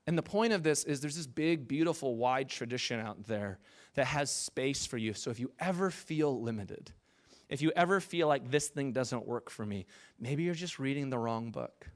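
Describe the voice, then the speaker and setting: A man giving a conversational sermon as a pastor, animated and jokey, talking with his congregation. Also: mid-range voice, moderate pace.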